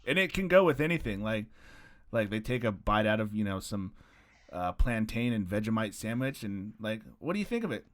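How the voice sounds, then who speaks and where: A man's voice: fairly low pitch, normal speed. A man hosting a podcast, chatting casually, joking and swearing with a friend. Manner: joking, swearing, lively, trails off. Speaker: podcast host. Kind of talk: casual chat.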